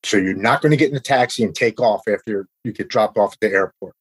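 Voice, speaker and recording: Man, lowish husky voice, casual earnest storytelling, halting delivery. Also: poor audio. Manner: earnest, halting, repeats words when emotional.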